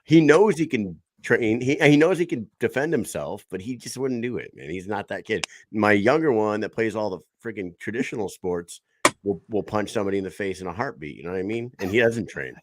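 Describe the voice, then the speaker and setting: A man's voice: fairly low pitch, expressive, brisk, background noise. A man hosting a podcast, telling a loose, profane story and acting out the quotes. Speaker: podcast host. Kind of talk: casual interview chat.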